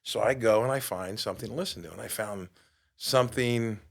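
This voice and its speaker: Animated New man telling a story. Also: on the low side, fairly quick, vocal fry. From New York. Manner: animated, acts out quoted dialogue. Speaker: podcast host. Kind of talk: storytelling monologue.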